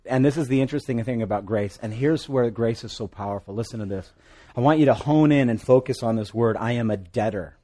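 A man from Hawaii with a Hawaiian accent, preaching a sermon with jokes and swings between loud and soft. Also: fast. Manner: animated, joking asides, pitch and volume swing widely. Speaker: pastor.

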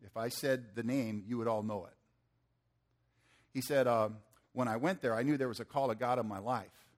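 A man's voice: mid-range voice, normal speed. A middle-aged man preaching, telling a folksy story and acting out the people in it. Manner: folksy, animated storytelling with acted-out quotes. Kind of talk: sermon storytelling.

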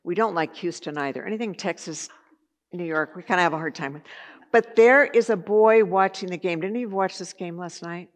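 A woman's voice: fairly low pitch, moderate pace. A woman teaching a Bible study lesson in a conversational way, with chatty asides and filler words.

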